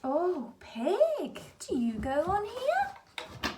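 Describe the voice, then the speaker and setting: A woman's voice: very high voice, wildly swooping pitch, drawn-out words, a little mellow, slight background noise. A woman leading a bucket activity for a small child, narrating toys in an exaggerated sing-song voice full of gasps. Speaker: early-years teacher leading a bucket activity. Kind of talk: child-directed play narration.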